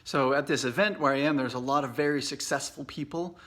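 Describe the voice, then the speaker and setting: A man's voice: medium pitch, brisk. Chatty American man teaching English. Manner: relaxed, chatty, many fillers and restarts. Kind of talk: casual video lesson. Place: away from home at a conference trip. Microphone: Facebook Live video.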